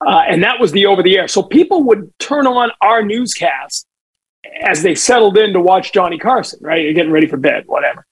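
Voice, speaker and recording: Storytelling sportscaster with husky high voice. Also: male voice, fairly quick, poor audio. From New England. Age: middle-aged. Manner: lively storyteller, does voices in anecdotes. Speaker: sports broadcaster guest. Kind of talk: casual podcast chat.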